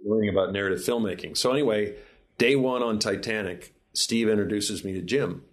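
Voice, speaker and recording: Speaking fairly quickly with a fairly low pitch, a man appearing as a film director guest in a relaxed interview rambles through long behind-the-scenes stories, with many restarted sentences.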